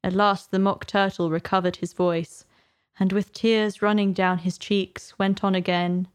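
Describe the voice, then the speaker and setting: A woman narrating a storybook aloud in a measured, unhurried way. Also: medium pitch, little pitch movement, clean tone. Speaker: audiobook narrator.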